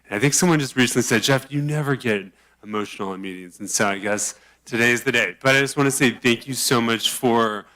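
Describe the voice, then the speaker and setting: A man's voice: mid-range voice, fairly quick, bright, forceful tone. A man giving a heartfelt, emotional public-comment tribute in a county board meeting chamber. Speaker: county board office staffer.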